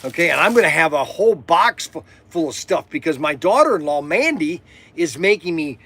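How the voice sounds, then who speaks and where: A middle-aged man hosting a livestream from his toy shop, chatting casually in a loud voice that keeps repeating itself and is full of "okay"s. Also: on the high side, sing-song, fairly quick. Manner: loud, repetitive, peppers talk with "okay".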